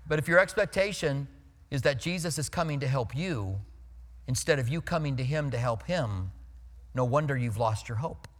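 A male pastor preaching a sermon in a conversational, storytelling way, emphatic, dropping his voice low for serious points. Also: expressive, moderate pace, long reverb tail.

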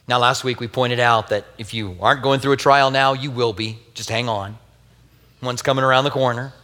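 A man's voice: medium pitch, fairly even intonation, a little fast, sharp tone. A man preaching a sermon as a pastor, telling a Bible story earnestly with wry asides and a tender, grieving personal tone. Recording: long hall reverb.

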